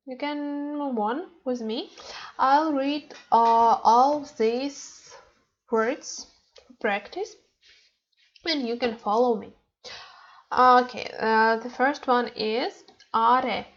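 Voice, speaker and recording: Slow-speaking woman teaching Korean. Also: a little high, muffled recording. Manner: slow, hesitant, many uh fillers, repeats words for practice. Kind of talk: online language lesson.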